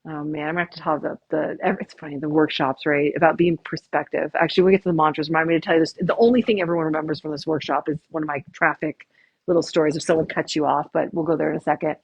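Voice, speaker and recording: A woman's voice: sits low, fairly even intonation, racing, gravelly, husky, dry recording, dull audio. A woman chiropractor leading a live stress workshop, chatty and upbeat, counting the group through breathing. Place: small room with a live audience.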